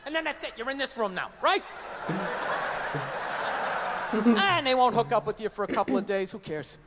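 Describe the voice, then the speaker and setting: A man performing stand-up in a high, strained register, ranting and swearing hard. He slips into mocking voices to drive home a point. The recording of the live set is noisy. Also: animated, fast talker, long reverb tail. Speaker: stand-up comedian. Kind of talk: stand-up routine.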